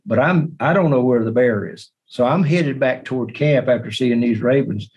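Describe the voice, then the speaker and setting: Animated man telling a hunting story. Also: mid-range voice, moderate pace, highs cut off. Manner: animated storyteller, repeats words. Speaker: podcast guest, bowhunter. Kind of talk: hunting story told in an interview.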